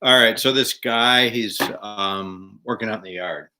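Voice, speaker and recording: Older man, co-host, bright voice, rambling jokey chat, lots of ums. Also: lowish voice, unhurried. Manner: rambling, joking, many fillers and restarts. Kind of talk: casual comedic chat show.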